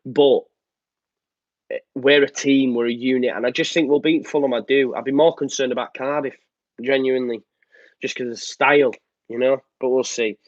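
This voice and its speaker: A man's voice: medium pitch, fairly even intonation, normal speed, dry recording. A man hosting a live fan show, chatting casually, reading out viewer comments and rambling with lots of ums. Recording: slightly muffled dry sound.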